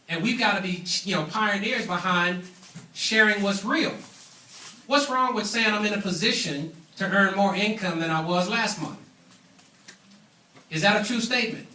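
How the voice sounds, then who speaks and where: Emphatic seminar trainer, male, higher voice, booming from a distance in a reverberant room. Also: bright, forceful tone. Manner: emphatic, preachy, calls for audience responses. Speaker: business trainer. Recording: echoey room, mic at a distance.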